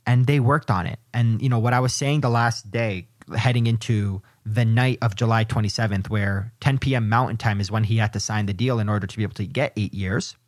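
A man's voice: fairly low pitch, fairly quick, hardly any pauses, dry recording, clean studio sound. A man co-hosting a sports podcast, making his points in an emphatic, argumentative way. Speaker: podcast co-host. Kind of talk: casual sports podcast chat.

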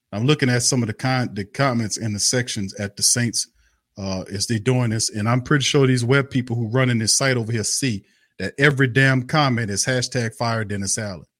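A man's voice: lowish voice, fairly bright tone, dry recording, clean studio sound. A man hosting a fan live stream, ranting in a heated, repetitive, cursing and scornful way. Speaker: sports fan show host. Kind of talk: angry live-stream rant.

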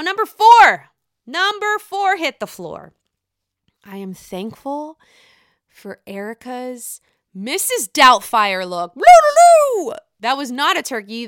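Bright, chatty, foul-mouthed woman. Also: on the high side, no room sound, studio quality. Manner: chatty, profane, gushing. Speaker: reality TV fan commentator. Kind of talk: casual solo commentary.

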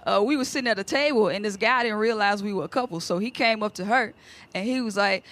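A woman's voice: mid-range voice, a little fast. Laughing woman doing stand-up. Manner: laughing, animated storytelling with slang. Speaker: stand-up comedian. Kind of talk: stand-up comedy set.

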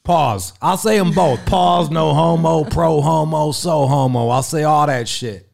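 A man's voice: a little high, measured pace, vocal fry, over music. A man talking as a podcast guest in casual chat, blunt and profane in his stories.

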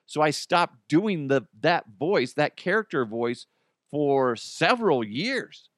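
Animated man rambling on a comedy podcast. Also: on the high side, slow, no echo, clean studio sound. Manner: rambling, self-laughing, animated. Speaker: podcast host. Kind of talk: casual comedy podcast chat.

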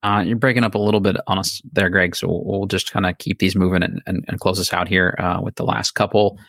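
A man's voice: sits low, steady tone, fast talker, vocal fry, fairly bright tone, no echo, clean studio sound. A man hosting a casual sports podcast chat, blunt and opinionated. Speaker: podcast host.

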